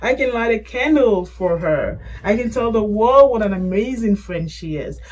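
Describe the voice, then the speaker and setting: Middle-aged woman vlogging about grief, halting and emotional, mellow low-key tone. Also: lively intonation, lo-fi sound. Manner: halting, emotional, soft-spoken. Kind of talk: personal grief story.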